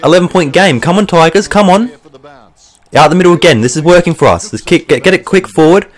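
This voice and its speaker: Here a gaming YouTuber narrates a let's play of a football video game. He's a young Australian man with a voice on the high side and a quick pace, and he swears and gets worked up, excitable with bursts of frustration.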